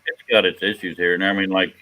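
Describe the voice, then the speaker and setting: A man's voice: low-pitched, level tone, fast talker, pushed and bright, rough recording. A man hosting a live stream, chatting casually in a tired, offhand way. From Texas. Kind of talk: casual chat. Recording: faint background noise.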